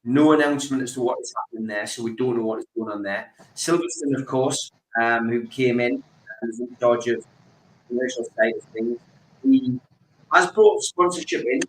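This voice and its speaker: A man hosting a football fan podcast, relaxed, reading out chat comments with lots of fillers. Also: mid-range voice, normal speed, reverberant, rough recording. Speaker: host.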